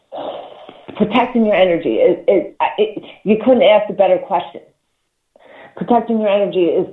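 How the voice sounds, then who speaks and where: A talk show host giving casual spiritual advice, emphatic and profane, repeating words and laughing between points. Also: mid-range voice. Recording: echoey, tinny phone-like line.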